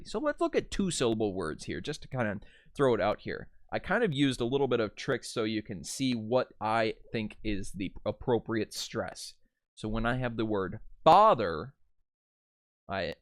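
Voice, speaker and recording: A man giving a casual slideshow lesson on pronunciation, relaxed, with frequent "uh" fillers and words sounded out slowly. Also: mid-range voice, no echo. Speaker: voice and dialect teacher.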